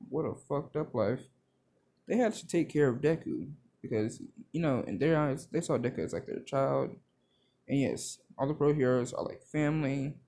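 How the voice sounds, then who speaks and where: A man's voice: a little high, warm tone. A young man casually narrating a made-up fan story, rambling and full of fillers. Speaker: video creator.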